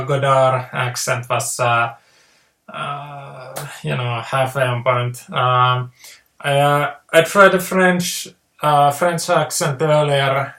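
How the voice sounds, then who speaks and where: Speaking at medium pitch with a fairly bright tone, a video-channel host rambles hesitantly in a casual monologue. Fillers and restarts crop up constantly, and the room gives the recording a noticeable echo.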